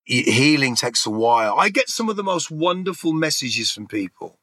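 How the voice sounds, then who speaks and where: Frank, rambling English man, bright voice. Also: mid-range voice, big pitch swings, normal speed, no room sound. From England. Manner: rambling, frank, swears freely, restarts often. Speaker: interview guest. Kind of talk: candid conversational storytelling.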